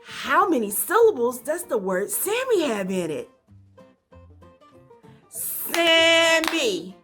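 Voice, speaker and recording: A woman teacher leading a phonics lesson for young children, speaking slowly in an encouraging sing-song and asking many questions. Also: sits high, very animated, a bit bright, soft background music.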